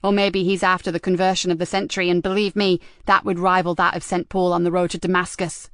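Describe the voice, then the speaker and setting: A woman narrator voicing a sharp-tongued, weary female police inspector who answers back with sarcasm and defiance. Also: on the low side, little pitch movement, fast talker, dry recording, clean studio sound, natural voice. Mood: sarcastic.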